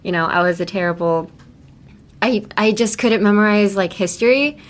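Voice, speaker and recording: A young adult woman hosting a casual English lesson podcast, chatty and laughing often as she slowly models phrases. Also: medium pitch. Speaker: English teacher host.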